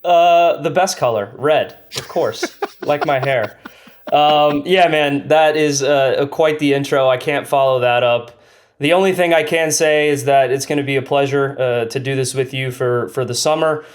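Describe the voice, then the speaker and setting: A man's voice: mid-range voice, measured pace. A man co-hosting a soccer podcast, talking in an easygoing, laid-back way with plenty of fillers. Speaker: podcast co-host. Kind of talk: casual chat.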